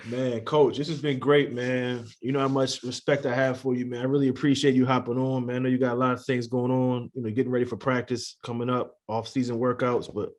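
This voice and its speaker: A man's voice: medium pitch, little pitch movement, brisk, few pauses, a little mellow. A man hosting a podcast, wrapping up an interview with a guest in casual chat. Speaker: podcast host.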